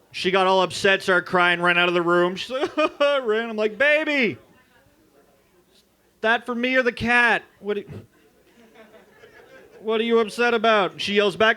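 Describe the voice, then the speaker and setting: A man doing a crude, loud stand-up comedy set at an open mic in a bar. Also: high-pitched, moderate pace, pauses often, clean tone. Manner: crude, loud, jokey storytelling. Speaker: stand-up comic.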